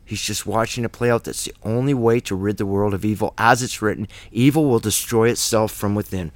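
A man's voice: fairly low pitch, brisk, no room sound. A man teaching a Bible study in a blunt, emphatic way, with slangy asides between verses.

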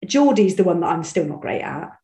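A woman's voice: fairly low pitch, big pitch swings, fairly quick, dark tone. A woman from Bristol, a voice actress chatting in an interview with many restarts and self-deprecating asides. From Bristol, England. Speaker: voice actress guest. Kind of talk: casual interview chat. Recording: echoey room.

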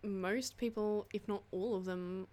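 A woman's voice: mid-range voice, steady tone, measured pace, dark tone. A young woman co-hosting a casual podcast, giggly and blunt, with some swearing. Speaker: podcast co-host. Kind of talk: casual chat.

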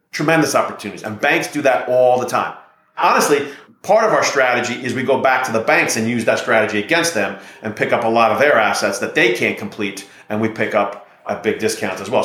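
Middle-aged man, confident salesman manner, even pitch, roomy echo. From United States. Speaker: real estate investor guest. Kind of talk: podcast interview storytelling.

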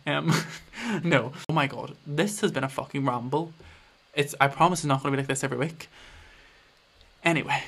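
Bright-voiced rambling male podcast host. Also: on the high side, moderate pace, gravelly, a little hiss or hum. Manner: rambling, swears freely, many restarts. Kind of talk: casual podcast chat.

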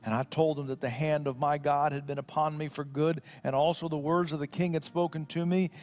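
A man preaching a sermon. He reads scripture slowly and solemnly, then talks in a conversational way with restarts. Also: on the high side, steady tone, soft background music. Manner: slow solemn scripture reading. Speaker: pastor.

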